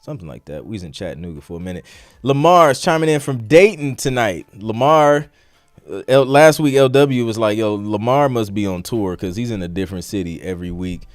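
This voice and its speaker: A man's voice: lowish voice, quick pace, few pauses, a little mellow, dry recording, studio quality. A man hosting a live music review stream, greeting viewers casually with slang and upbeat energy. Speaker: livestream host reviewing music. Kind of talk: casual livestream chat.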